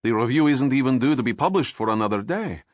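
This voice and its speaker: A man's voice: medium pitch, expressive, fast talker, no echo, clean studio sound, pitched above the performer's own voice, lightly acted. A man voicing a smug, effusive male painter with a Russian accent. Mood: amused.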